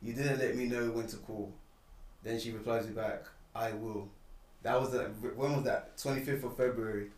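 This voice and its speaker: A young man recounts a personal story in a relaxed, conversational way. He sounds set back from the mic in a roomy space, and his voice jumps up sharply when he gets indignant. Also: medium pitch, normal speed, far from the mic. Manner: animated, rising and loud when indignant. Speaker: guest telling a personal story. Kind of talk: casual storytelling chat.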